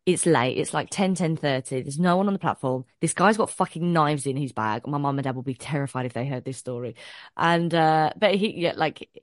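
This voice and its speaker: A woman, co-hosting a podcast and telling an animated story full of swearing and acted-out quotes. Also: low-pitched, fairly quick, dry recording, clean studio sound. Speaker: podcast co-host. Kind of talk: casual storytelling chat.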